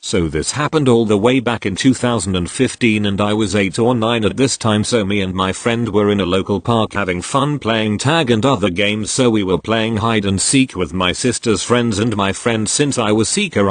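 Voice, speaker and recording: Low-voiced man reading stories aloud. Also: no room sound. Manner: spells out abbreviations letter by letter. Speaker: narrator reading online posts.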